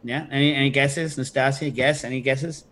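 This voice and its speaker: A middle-aged man hosting a podcast, telling stories in a casual, animated way and breaking into loud shouted impressions. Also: medium pitch, moderate pace. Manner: animated storytelling, mimics loud New York shouts. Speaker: podcast host. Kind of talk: casual chat.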